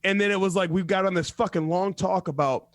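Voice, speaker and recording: A radio talk show co-host tells animated stories in casual, profane chat, laughing often. His voice sits high and brisk, and there's no room sound at all.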